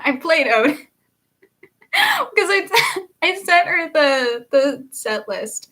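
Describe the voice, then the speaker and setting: A woman's voice: high voice, huge pitch swings, slow, pauses often, pushed and bright. A young woman, a singer-songwriter hosting a casual livestream, chatting, laughing often and reading viewer comments aloud.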